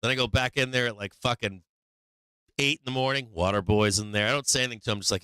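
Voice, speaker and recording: A man's voice: mid-range voice, quick pace, bright, forceful tone, clear, resonant tone, no echo. A man hosting a stock market livestream, chatting casually and profanely with his viewers in a rambling way.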